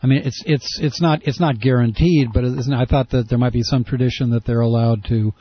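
Man, radio host, probing and wry, halting, muffled dry studio sound. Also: mid-range voice, steady tone, no echo. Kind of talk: call-in radio interview.

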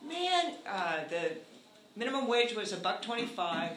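An older man with a high, bright voice tells a story at a community meeting. He sounds animated and earnest with a wry edge. The echoey room carries a faint hum. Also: measured pace. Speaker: housing activist speaker.

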